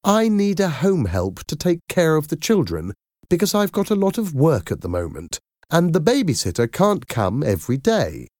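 A woman's voice: low-pitched, wildly swooping pitch, moderate pace, darkish tone, no echo, clean studio sound, voice pushed up, heavily acted. A man voicing a firm, worried working mother. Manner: firm and apologetic.

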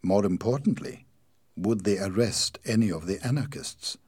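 Husky low male story narrator. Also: moderate pace, dry recording, studio quality. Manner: steady, plain storytelling.

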